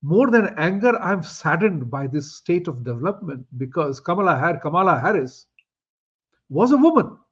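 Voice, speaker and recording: A man's voice: on the high side, very animated, normal speed, husky. A man hosting an interview, making emphatic points and asking rhetorical questions. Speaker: show host. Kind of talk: opinionated interview talk. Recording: dull lo-fi audio.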